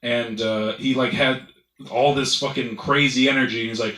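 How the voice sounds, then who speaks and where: A man's voice: medium pitch, steady tone, normal speed, sharp tone, roomy sound, poor audio. A man doing stand-up, telling a rambling, profane story and laughing at his own jokes. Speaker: stand-up comedian.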